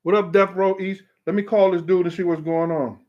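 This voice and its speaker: A man's voice: high voice, fairly even intonation, a little fast, lo-fi sound. A man hosting a casual live-stream, greeting viewers by name in street slang, emphatic and repetitive. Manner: emphatic, repeats himself. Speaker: show host.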